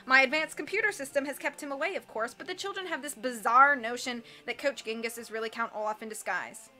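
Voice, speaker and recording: A woman's voice: sits high, fast talker, bright, forceful tone, faint music behind. A woman reading aloud, voicing a smug, self-important male school official with a pompous, dismissive manner.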